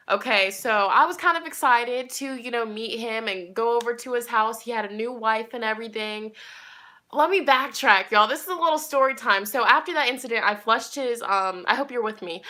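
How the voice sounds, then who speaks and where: Casting note: young woman, casual vlog storytime, chatty and rambling, bright and fairly high. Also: moderate pace. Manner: chatty, rambling, talks to viewers directly. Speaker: tarot reader and vlogger.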